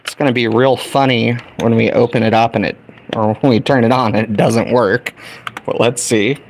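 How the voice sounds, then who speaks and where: A man's voice: mid-range voice, steady tone, moderate pace, slight background noise. A middle-aged American man chatting casually with his livestream viewers while he builds a small kit. He talks in a folksy, chatty way and addresses the audience directly. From United States. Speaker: livestream host.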